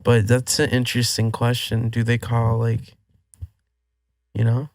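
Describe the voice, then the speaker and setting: A man's voice: medium pitch, unhurried, no echo, clean studio sound. A man joking around as a guest in a casual podcast conversation. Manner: joking, even-toned. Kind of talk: casual chat.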